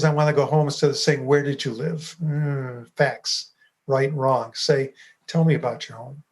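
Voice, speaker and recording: A man giving a measured, explanatory training lecture on dementia care, laying out his points in order. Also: mid-range voice.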